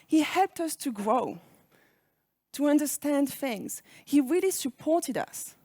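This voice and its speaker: A woman with a French accent gives a conference keynote on leadership. Her fairly high voice rises and falls in a very animated way as she puts reflective questions to the audience. The sound is dry, with no room echo. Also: slow. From France. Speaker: speaker on leadership.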